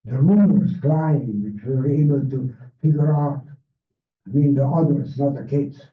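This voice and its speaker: An older man with a Hungarian accent, a Holocaust survivor giving a measured personal testimony talk with non-native grammar, his first language Hungarian. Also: mid-range voice, phone-quality sound. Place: library event room. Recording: echoey, distant, phone-thin sound.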